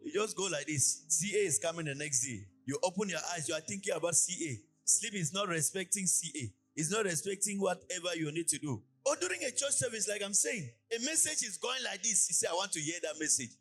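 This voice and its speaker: A man from Cameroon preaches in a church, his high voice rising and falling in a sing-song cadence. He breaks into lively illustrative asides as he talks. Faint music plays softly behind him. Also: a little fast, hardly any pauses, slightly rough. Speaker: pastor. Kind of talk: sermon.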